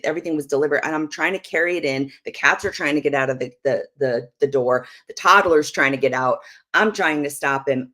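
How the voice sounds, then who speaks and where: A woman's voice: low-pitched, a bit bright. A woman speaking at a Christian ministry about marriage, telling a personal story in a chatty, candid way with lots of "like" and "you know". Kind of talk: personal storytelling on a live show.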